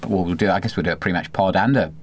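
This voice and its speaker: Young man, low-pitched, relaxed football podcast chat, playful with accents. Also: rapid-fire. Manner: relaxed, drops in mock accents. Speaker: podcast co-host.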